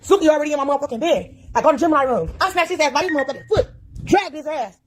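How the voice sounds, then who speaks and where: Fast, high-pitched ranting woman. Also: a little hiss or hum. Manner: agitated, cursing, repeating herself. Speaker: caller in a played video. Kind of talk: furious profane rant.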